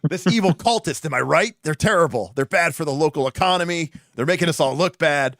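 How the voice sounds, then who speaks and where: A man putting on the voice of a big, blunt, chummy male ogre, speaking loudly in broken grammar. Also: brisk, dry recording, clean studio sound. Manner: loud, booming, broken grammar.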